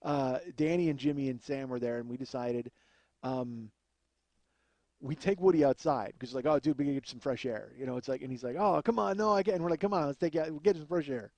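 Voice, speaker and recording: A man's voice: medium pitch, a little fast, warm tone, no room sound. A man telling a rambling, profane comic story as a podcast host, often laughing at his own tale. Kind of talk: comedic storytelling.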